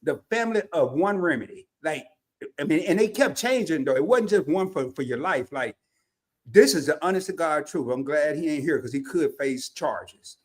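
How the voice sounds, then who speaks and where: A man hosting a comedic casual chat, telling animated stories and laughing often. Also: on the high side, moderate pace. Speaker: host.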